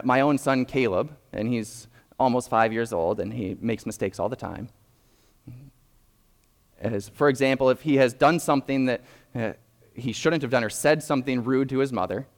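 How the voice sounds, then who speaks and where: A young adult man gives a sermon in a hall, and his mid-pitched voice trails off into a long reverb. He explains patiently and carefully, often restarting his sentences as he thinks aloud. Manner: measured, explanatory, with frequent restarts. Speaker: pastor.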